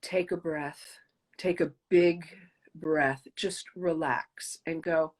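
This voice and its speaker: A woman's voice: low-pitched, steady tone, slow pace. A woman puppeteer talking animatedly in an interview, laughing often and acting out quoted voices. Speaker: puppeteer guest. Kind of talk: casual interview chat.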